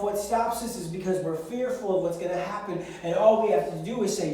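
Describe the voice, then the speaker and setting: A man's voice: high-pitched, fairly quick, hardly any pauses, darkish tone. A young man preaching a sermon to young people, acting out prayers as he speaks. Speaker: youth pastor. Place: church hall. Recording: echoey hall from far off.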